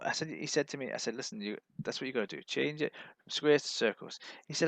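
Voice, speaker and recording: A man from England, performing a live-streamed stand-up set of deadpan one-liners. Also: medium pitch, fast, creaky, dry recording. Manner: deadpan one-liners with put-on voices for others. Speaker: stand-up comedian.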